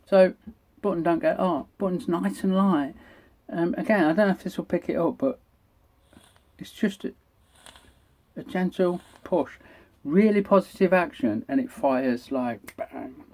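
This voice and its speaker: A man's voice: high voice, unhurried, darkish tone. A middle-aged British man, the host, giving a chatty, enthusiastic product review and swearing freely. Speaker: vape reviewer. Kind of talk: casual product review vlog.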